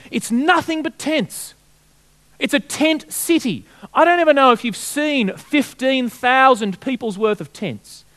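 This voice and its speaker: A man preaching from the pulpit, his voice sitting high and swinging widely in pitch. He works as a storyteller, pausing to put questions straight to the congregation. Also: fairly bright tone. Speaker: pastor. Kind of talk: sermon.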